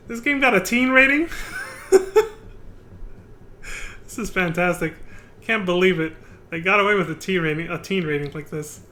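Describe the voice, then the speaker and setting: Excitable high-voiced young man streaming. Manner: excitable, swears freely, laughs often. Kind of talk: casual live-stream commentary while playing.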